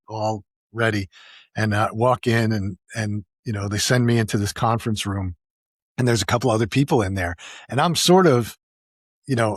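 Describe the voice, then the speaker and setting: A male podcast host spins a story in an easy, conversational way, often doubling back mid-sentence. His voice sits at a middling pitch with a slightly husky grain. The sound is close and dry, with no room around it. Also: no echo. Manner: animated anecdote-telling with frequent restarts. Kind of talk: casual storytelling.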